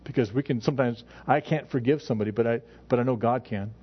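A middle-aged male pastor delivering a sermon in a mid-pitched, conversational voice. He restarts his phrases often as he works through scripture. The recording sounds dull and lo-fi. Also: fast, husky. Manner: conversational preaching with frequent restarts.

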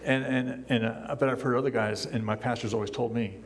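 An older man, a pastor, preaching a sermon from a church pulpit in a relaxed, conversational way, chuckling often and acting out the lines he quotes. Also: medium pitch, brisk, a little hiss or hum. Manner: acts out quoted lines in a raised voice.

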